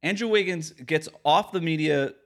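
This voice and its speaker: A man's voice: a little high, normal speed. Emphatic ranting sports podcast host man. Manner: emphatic, ranting, mocks quotes with put-on voices. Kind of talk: opinionated sports podcast monologue.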